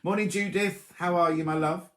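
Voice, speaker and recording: A man's voice: sits high, fairly even intonation, moderate pace, fairly bright tone. Chatty man in a roomy room. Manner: chatty, teasing, greets viewers by name. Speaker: sewing show host. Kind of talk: casual livestream chat. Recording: roomy echo.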